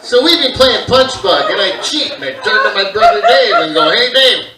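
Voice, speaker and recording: High-voiced guy doing standup in a theater, acting out family members, roomy far-off sound, crowd cracking up. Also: sing-song, moderate pace, heavy background noise. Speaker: stand-up comedian. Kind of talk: stand-up comedy. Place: theater stage with live audience. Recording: echoey theater recording from a distance. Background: audience laughing.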